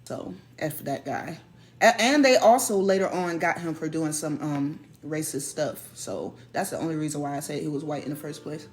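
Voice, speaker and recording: A woman telling a personal story in a casual, animated way, stressing and repeating her points. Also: low-pitched, moderate pace. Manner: animated, emphatic, repeats key phrases.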